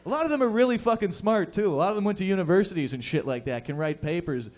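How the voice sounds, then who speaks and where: A man's voice: high voice, lively intonation, quick pace, darkish tone. A young man doing a stand-up set, with profane, rambling, conversational talk. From Canada. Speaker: stand-up comedian.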